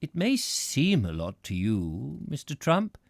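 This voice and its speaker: A man doing a placid, slow-talking interrogator. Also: medium pitch, wildly swooping pitch, vocal fry, no room sound, exaggerated voice. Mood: placid probing. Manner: slow, soft and unhurried, drawn-out questions. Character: placid, slow, probing male official. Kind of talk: audiobook character voice.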